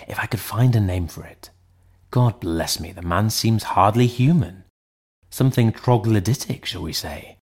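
A reserved, middle-aged lawyer, as a male reader puts him on speaks in a measured, formal manner. His voice sits low, and his questions are polite but probing.

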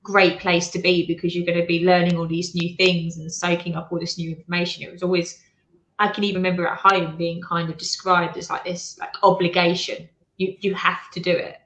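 A woman's voice: on the low side, flat delivery, a little fast, a bit bright. Earnest woman in an echoey room. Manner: thoughtful, earnest, some stammering restarts. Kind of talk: casual chat. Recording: roomy echo.

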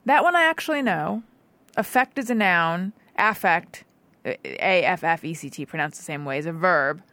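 A woman hosting a relaxed talk show, chatty and quick to laugh, her pitch rising and falling freely as she talks. The voice is dry and close to the mic, with no reverb. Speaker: podcast host. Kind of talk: casual chat.

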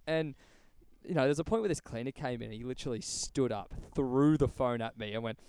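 A man telling a story in casual chat, animated, laughing often and swearing freely. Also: medium pitch, brisk, clear, resonant tone, no echo.

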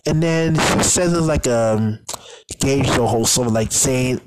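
A man's voice: medium pitch, a little slow, a little mellow, dry recording, poor audio. A man casually recapping a TV episode in a rambling, filler-heavy way, often tacking on "though". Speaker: show recapper.

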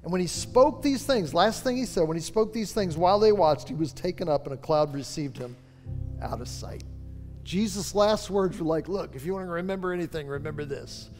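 High-voiced man preaching in reverberant hall. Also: animated, a little mellow, faint music behind. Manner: fervent, preacherly, drawn-out emphatic phrases. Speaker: pastor. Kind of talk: sermon. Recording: long reverb of a large hall.

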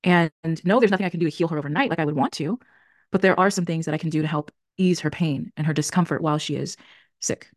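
An earnest woman in her thirties talks through feelings on her own podcast. Her voice sits a little low and moves quickly, and she restarts phrases as she thinks. The recording is dry and close, with no room sound. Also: dry recording. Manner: earnest, reflective, self-correcting. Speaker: podcast host. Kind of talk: solo podcast talk on emotions.

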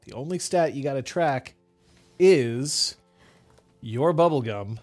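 A man's voice: medium pitch, animated, slow pace, darkish tone, soft background music. A young man running a tabletop game as game master, chatting casually and laughing at himself with his players.

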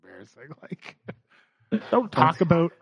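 A man's voice: on the high side, big pitch swings, measured pace, a bit bright, husky. A podcast host in casual chat who laughs often and teases his co-host.

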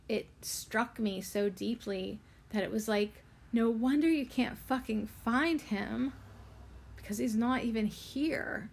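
A woman's voice: mid-range voice, vocal fry. A woman hosting a spiritual podcast, talking candidly and emotionally, with a loose, swearing, chatty manner. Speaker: podcast host. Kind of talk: casual spiritual chat.

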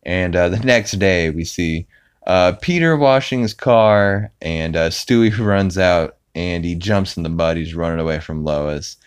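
A man's voice: low-pitched, unhurried, clean tone. A man hosting a podcast, casually recapping a cartoon episode with lots of fillers. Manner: rambling, with many fillers and put-on character quotes. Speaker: podcast host.

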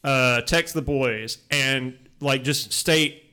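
A man's voice: mid-range voice, fairly even intonation, slow, pushed and bright, smooth. A man co-hosting a podcast in casual chat, joking and rambling with profanity. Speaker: podcast co-host.

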